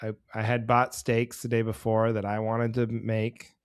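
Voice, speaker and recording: A man co-hosting a podcast, chatting casually and telling rambling, jokey stories that speed up when he gets excited. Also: on the low side, unhurried, smooth, dry recording, studio quality. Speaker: podcast co-host. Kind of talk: casual chat.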